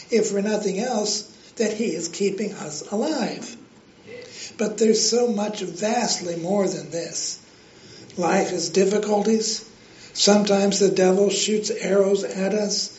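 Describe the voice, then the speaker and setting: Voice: mid-range voice, a little mellow. An earnest preacher giving a devotional talk, telling a joke and then exhorting listeners to praise God, in a roomy, dull recording.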